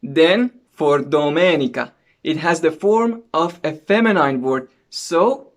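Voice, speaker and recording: Man teaching a language lesson. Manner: explains slowly and clearly, with lively pitch on examples.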